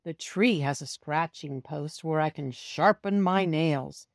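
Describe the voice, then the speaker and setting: A woman with a low-sitting voice reads a children's storybook aloud, speaking as a cat in first person and addressing young listeners directly. Her delivery is slow and expressive, and the recording is dry and of studio quality.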